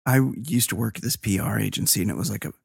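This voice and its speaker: A man's voice: fairly low pitch, fast talker, vocal fry, breathy edge, no echo, clean studio sound. Rambling, crude male podcast host. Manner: rambling, crude, swears freely. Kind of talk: casual podcast banter, reading listener emails.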